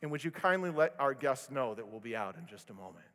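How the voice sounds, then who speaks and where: A snooty, wealthy Roman host, put on by a male preacher, dropping his voice low and speaking slowly and quietly with polite condescension. The sound carries a long hall reverb. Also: expressive, natural voice. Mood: haughty. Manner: condescending, slow and hushed.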